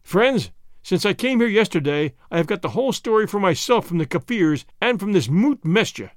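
A man's voice: high-pitched, sing-song, moderate pace, dry recording, clean studio sound. A man doing a hearty frontier commander. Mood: praising. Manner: emphatic and praising. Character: hearty older frontier leader, warm and admiring.

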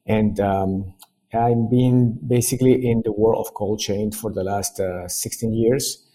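Peruvian-born guest, middle-aged man, husky and mellow voice, careful halting delivery. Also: fairly low pitch, steady tone. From Peru. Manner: measured, hesitant, with fillers and restarts. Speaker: guest, sales director. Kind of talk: casual interview chat.

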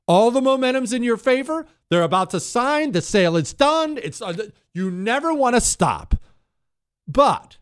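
Animated storytelling talk show host, man. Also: high voice. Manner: animated, emphatic, talks straight to listeners.

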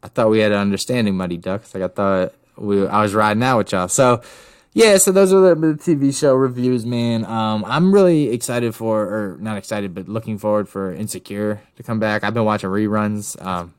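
A man co-hosting a podcast in laid-back casual chat, hesitant and often pausing with fillers. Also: on the low side, clear, resonant tone, no echo, clean studio sound. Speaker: podcast co-host.

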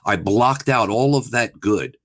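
A man's voice: mid-range voice, a little slow, fairly bright tone, dry recording. A man in his fifties, a guest telling a candid personal story in a plain-spoken, reflective way. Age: 50s.

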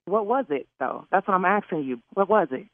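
Woman, outraged, swearing, lively pitch, tinny phone sound. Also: a little fast, no room sound. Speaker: prank call target. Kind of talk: angry phone call.

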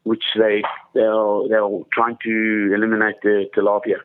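A man guest telling stories in casual chat, halting with many restarts and fillers. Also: fairly low pitch, completely flat delivery, smooth, narrow, tinny audio. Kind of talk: casual storytelling.

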